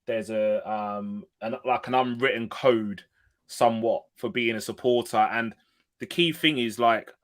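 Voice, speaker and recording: A man's voice: medium pitch, a little slow. A man from Liverpool hosting a podcast, chatting casually and agreeably, with frequent fillers. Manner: relaxed, agreeable, many affirmations. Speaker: podcast host. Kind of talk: casual chat.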